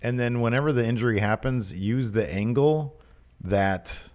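A man's voice: mid-range voice, unhurried, darkish tone. A man co-hosting a casual podcast, chatting and reading out listener questions with emphasis. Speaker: podcast co-host. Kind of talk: casual wrestling podcast chat.

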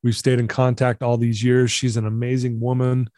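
A middle-aged man recounting a personal story as an interview guest, earnest and animated, acting out the dialogue. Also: medium pitch, normal speed, no room sound, clean studio sound.

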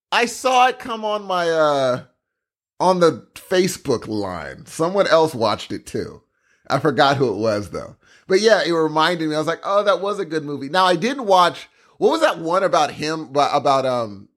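A young man on co-host duty, chatting casually, animated and excitable. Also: a little high, normal speed. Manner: animated, excitable, says "dude" a lot. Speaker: podcast co-host. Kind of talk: casual chat.

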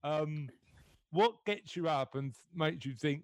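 Host: British man, higher voice, very dry close sound, friendly and halting. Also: dry recording. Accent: British English. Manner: friendly, halting, repeats words. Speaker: podcast host. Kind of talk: casual interview chat.

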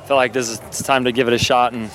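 A man speaks outdoors after a race, worn out and spent. His voice sits at a middle pitch. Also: level tone, fast talker, fairly bright tone, faint music behind, poor audio. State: exhausted. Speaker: race finisher.

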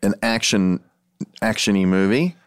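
A man's voice: fairly low pitch, measured pace, clean tone, dry recording, clean studio sound. A man, an actor, chatting casually and rambling through his stories with plenty of "like" and hesitations. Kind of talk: casual conversation.

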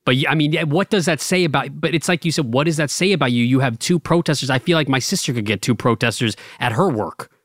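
A man's voice: mid-range voice, fast, hardly any pauses, no room sound, studio quality. A young man co-hosting a podcast, asking blunt, profane, needling questions. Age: young adult. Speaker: podcast co-host. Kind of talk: casual podcast chat.

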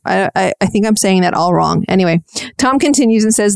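A soft-spoken woman in her thirties hosts a podcast and tells an old story in a chatty, self-deprecating way. Her voice is smooth and clear, and the recording is dry and close with no room sound. Her pitch sits in a middle range. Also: lively intonation, brisk, no echo. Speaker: podcast host. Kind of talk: casual storytelling recap.

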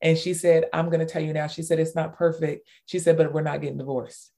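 A woman author as an interview guest, telling stories with lots of fillers and bursts of excitement. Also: low-pitched, fairly quick. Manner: animated storyteller, many fillers, squeals in retold cheers. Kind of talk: casual interview talk.

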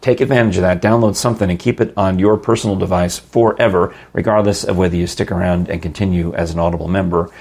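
A man hosting a podcast, chatting casually and rambling, with easy laughs and a husky, gravelly voice. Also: deep voice, fairly even intonation, fast, few pauses, a little mellow. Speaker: podcast host. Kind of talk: casual chat with ad read.

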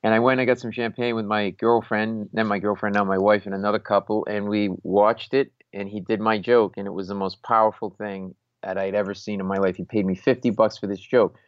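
A man's voice: lowish voice, level tone, brisk, few pauses, smooth, no echo. Rambling self-mocking storyteller, a man. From Rhode Island. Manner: rambling, many restarts and self-mocking asides. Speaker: guest, comedian and former lawyer. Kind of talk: casual storytelling. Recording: dull lo-fi, dry sound.

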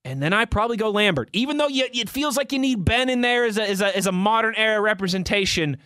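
High, bright-voiced young man chatting sports. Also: lively intonation, fast talker, smooth, no room sound. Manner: off-the-cuff, rambling with restarts. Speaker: podcast host answering fan tweets. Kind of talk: casual sports talk show chat.

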